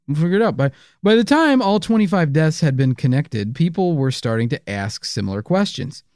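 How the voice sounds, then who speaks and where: A man co-hosting a casual true-crime podcast, his slightly high voice swinging in pitch. He mixes case narration with playful jokes. The recording is dry and close. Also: sing-song, a little fast, darkish tone, clear, resonant tone, dry recording. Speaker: podcast co-host.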